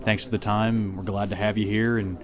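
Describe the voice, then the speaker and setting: A man with a very low voice hosts a radio hockey broadcast interview. He asks his questions in a relaxed, measured way. A busy arena crowd murmurs clearly behind him.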